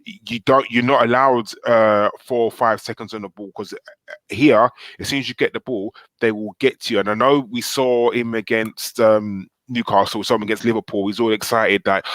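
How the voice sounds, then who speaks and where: A man's voice: fairly low pitch, fairly even intonation, moderate pace, a bit bright, no echo. A man speaking as a podcast panelist, blunt and insistent, repeating his points to drive them home. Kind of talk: casual live podcast chat.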